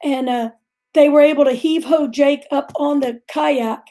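Middle-aged lady telling her faith story, high voice but soft and mellow, very earnest. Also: fairly even intonation, normal speed. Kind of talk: testimony in a faith talk show.

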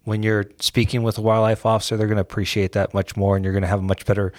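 Measured male officer with a lowish voice, recorded dry and close. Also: little pitch movement, darkish tone, no room sound. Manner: measured and deliberate. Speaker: game warden guest. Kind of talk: interview answers.

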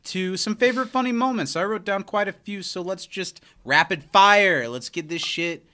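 Bright, clear-voiced male podcast host. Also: sits high, moderate pace. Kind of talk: casual chat.

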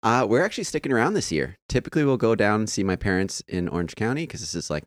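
Male church podcast co-host, lively intonation, dry close mic, upbeat casual delivery. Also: on the low side, quick pace, no room sound. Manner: upbeat, animated.

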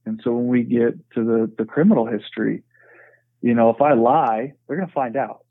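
A male podcast guest tells a frank, earnest story in conversation, using a steady, ordinary-pitched, creaky voice at a moderate pace and leaning on "you know." The sound is narrow and tinny like a phone line, completely dry with no room around it.

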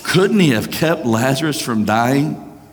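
A man preaching a sermon as pastor, swinging between raised, urgent passages and hushed, slow ones. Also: mid-range voice, expressive. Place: church sanctuary. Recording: long hall reverb.

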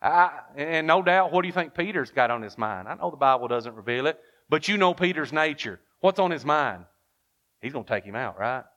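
A man's voice: fairly high pitch, expressive, fairly quick, bright, forceful tone, highs cut off. A man preaching a sermon, telling the story with lots of rhetorical questions and reading King James verses aloud.

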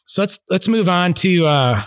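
A man's voice: high-pitched, animated, a little slow, no room sound. Easygoing man hosting a podcast. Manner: easygoing, rambling, many restarts. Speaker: podcast host. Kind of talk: hosting an interview.

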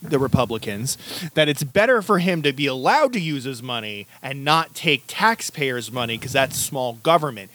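A man's voice: medium pitch, animated, normal speed, fairly bright tone, a little hiss or hum. A man co-hosting a casual podcast chat, rambling and joking as he tells stories. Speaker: podcast co-host.

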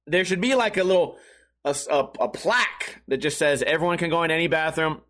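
A man telling a funny, profane story in a casual, animated rant. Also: on the high side, a little fast.

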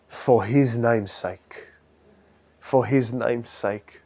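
A man preaching a sermon, swinging from loud, high exhortation to quiet, low intensity. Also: very slow.

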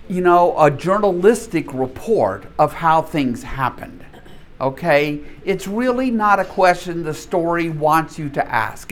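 Older male Bible teacher in his 70s, chatty and animated, voice pitched a little high and swinging a lot, laughs often while teaching. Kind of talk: church class teaching.

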